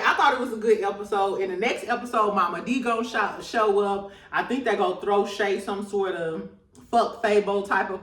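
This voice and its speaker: Far from the mic in a roomy space, a woman with a slightly bright voice hosts a casual reality TV recap. She laughs a lot, talks in slang and gossip, and mimics people in high voices.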